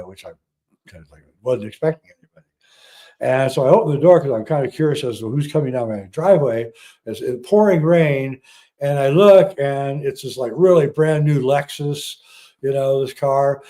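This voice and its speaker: A man, a guest on a podcast, telling a long personal story in a casual, halting way with many fillers and restarts. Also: mid-range voice, warm tone.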